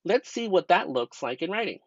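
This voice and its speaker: Young man, student teacher, grammar lesson, patient step-by-step, lively pitch, dry dull lo-fi voice-over. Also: fairly quick, no room sound. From United States. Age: young adult. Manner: patient, step-by-step teacher talk with rhetorical questions.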